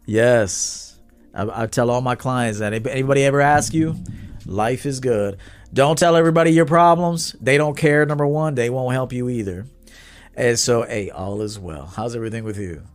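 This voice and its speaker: A man, a dating coach talking bluntly and with swagger to viewers on a livestream. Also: medium pitch.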